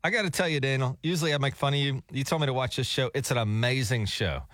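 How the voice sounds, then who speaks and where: A man's voice: mid-range voice, fast talker, fairly bright tone, dry recording, studio quality. A middle-aged man hosting a morning radio show, telling a story in a rambling, self-deprecating way. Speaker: radio host. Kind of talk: casual morning radio banter. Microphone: studio microphone.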